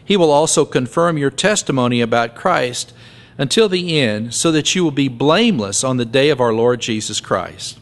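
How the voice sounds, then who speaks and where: A man's voice: mid-range voice, lively intonation, normal speed. A man pastor giving a conversational sermon, joking and acting out little scenes as he preaches.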